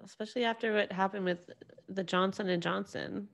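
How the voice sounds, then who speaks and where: एक युवा महिला होस्ट, जो अकेले बैठकर अपने पॉडकास्ट पर बिखरी-बिखरी बातें करती है, बार-बार वाक्य अधूरे छोड़कर फिर से शुरू करती है और खुद पर ही हँसती है।. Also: female voice, medium pitch, steady tone, a little fast, creaky. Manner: rambling, self-deprecating, many restarts. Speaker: podcast host. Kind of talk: casual solo monologue.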